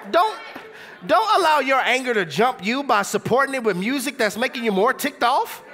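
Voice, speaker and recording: Young male preacher, fairly high, very expressive pitch, casual and conversational sermon delivery. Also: moderate pace, a faint crowd. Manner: animated, conversational preaching with rhetorical questions.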